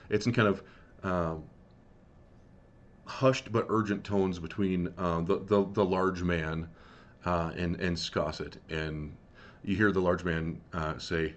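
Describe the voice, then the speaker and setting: A man with a very deep voice running a tabletop game. He narrates in a relaxed, halting way, full of fillers. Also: highs cut off. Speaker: game master.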